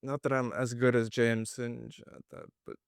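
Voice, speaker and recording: Irish guy talking about his plays, flat delivery, swears, dry close mic. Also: mid-range voice, moderate pace, gravelly, clean tone, no echo. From Ireland. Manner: blunt, profane, self-deprecating. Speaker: playwright guest. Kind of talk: casual interview.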